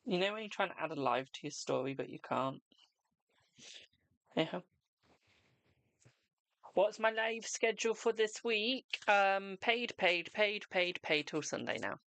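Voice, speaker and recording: A man's voice: high voice, lively intonation, a little slow, long pauses, pushed and bright, dry recording. A man hosting a live tarot reading stream, chatting casually with viewers and calling them darling and boo.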